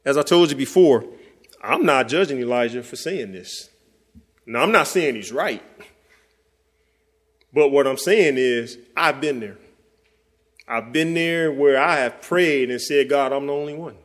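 A man preaching a sermon. He talks conversationally to the listeners and reads scripture slowly and deliberately. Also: medium pitch, expressive, a bit bright. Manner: conversational, speaks directly to listeners.

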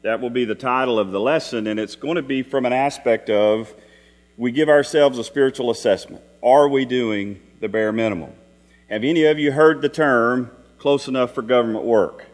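A man's voice: medium pitch, moderate pace. A middle-aged man preaching a Sunday evening sermon in a church, telling folksy stories and asking the congregation rhetorical questions. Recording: long hall reverb with mains hum.

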